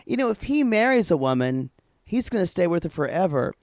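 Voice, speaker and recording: A man's voice: high-pitched, sing-song, a little fast, a little mellow, dry recording. A man co-hosting a podcast, recapping in casual chat, sarcastic and mock-horrified, on a close mic. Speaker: podcast co-host.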